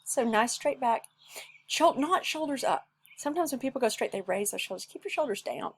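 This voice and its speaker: A woman music teacher with a high-pitched, expressive, slightly breathy voice gives a brisk recorded lesson for children, made at home for a video. Patient and encouraging, she demonstrates each step by singing it herself.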